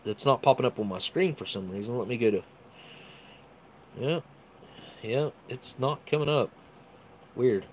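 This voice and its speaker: Male live-stream host, mid-pitched, casual and excitable, talks to his chat. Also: unhurried, long pauses, slight background noise. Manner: enthusiastic, chatty, reads viewer comments aloud.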